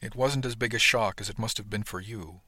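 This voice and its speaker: Guy doing a calm reserved first mate, slow and measured, low-ish forceful voice, dry. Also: no room sound. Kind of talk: audiobook dialogue.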